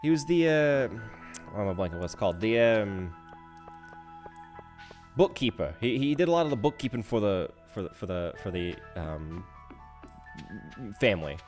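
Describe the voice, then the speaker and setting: A man streaming a game live, talking casually in a rambling, self-interrupting way full of restarts, swinging from soft mumbles to loud outbursts. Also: on the low side, very animated, moderate pace, long pauses, faint music behind. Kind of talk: casual live-stream chat while gaming.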